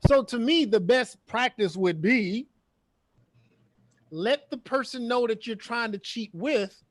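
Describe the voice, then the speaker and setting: A man's voice: extremely high pitch, takes it slowly, no room sound. A man hosting a casual chat, giving his opinion emphatically and repeating his points. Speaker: podcast host.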